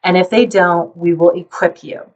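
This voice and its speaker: Calm woman psychologist, slightly distant mic. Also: fairly low pitch, lo-fi sound. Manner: calm, explanatory, acts out worried parents in quick asides. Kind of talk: talking to camera about parenting.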